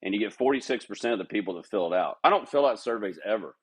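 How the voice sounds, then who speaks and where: A middle-aged man with a fairly low voice, chatting candidly on a podcast. He tells workplace stories and slips into quick impressions of people he quotes. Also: expressive, breathy edge. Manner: candid, storytelling, mimics others' voices. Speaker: golf club manager, podcast guest. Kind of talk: casual interview chat.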